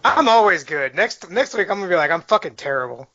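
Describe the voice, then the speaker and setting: A man's voice: sits high, animated, quick pace, crowd noise. A man co-hosting a podcast in casual chat, joking, teasing and swearing. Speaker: podcast co-host. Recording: dry lo-fi call audio.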